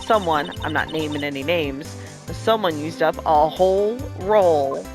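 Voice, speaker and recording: A woman's voice: sits low, unhurried, over music. A woman voicing a touchy, brash country woman photographer with a put-on Southern drawl, folksy and scolding. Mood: gruff. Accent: put-on American Southern drawl.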